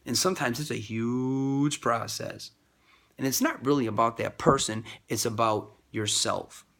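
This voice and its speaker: A man giving a rambling casual monologue about faith and love, repeating himself and jumping high in pitch when he quotes others. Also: measured pace, gravelly, a bit bright.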